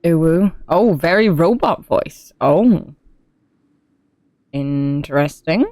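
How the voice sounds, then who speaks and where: A woman's voice: low voice, expressive, takes it slowly, dark tone, no echo. A woman streaming a game, chatting casually with a friend and her viewers in a rambling, giggly way. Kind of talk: casual gaming stream chat.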